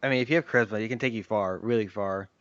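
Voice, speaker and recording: A man hosting a podcast, talking in a relaxed, agreeable way in casual chat. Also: on the low side, rapid-fire, dry recording, lo-fi sound. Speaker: podcast host.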